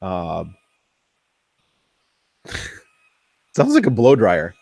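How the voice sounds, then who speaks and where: A man hosting a casual workshop build vlog, chatty and thinking aloud as he tests his machine, easily excited when something works. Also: low voice, extremely slow, creaky, no room sound. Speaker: 3D printing hobbyist host.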